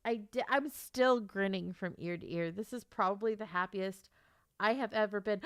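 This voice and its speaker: A woman author chatting live on her stream, excitable and swearing freely, repeating herself as she talks to viewers. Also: mid-range voice, normal speed, clean tone, dry recording, studio quality. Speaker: livestreamer and author. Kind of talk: casual live stream chat.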